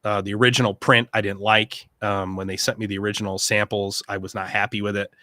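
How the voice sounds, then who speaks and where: A man's voice: on the low side, flat delivery, quick pace, pushed and bright, no echo, studio quality. A middle-aged man hosting a casual livestream, talking in an earnest, rambling way full of asides. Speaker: host.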